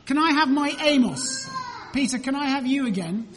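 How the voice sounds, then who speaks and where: A woman's voice: high-pitched, wildly swooping pitch, slight background noise. A woman leading a children's talk in church, asking the children questions and waiting for answers. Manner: slow, clear, deliberate. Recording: reverberant church room.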